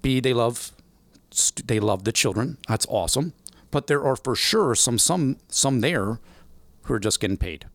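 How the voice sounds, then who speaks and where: Animated man telling a story. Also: mid-range voice, moderate pace, no echo. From Illinois, USA. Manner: animated storyteller, acts out voices in quotes. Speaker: guest. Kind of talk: storytelling interview.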